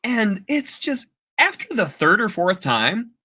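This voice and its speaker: Husky, sarcastic male podcast co-host. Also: high-pitched, wildly swooping pitch, unhurried, pushed and bright. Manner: sarcastic, acts out characters. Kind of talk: casual podcast chat.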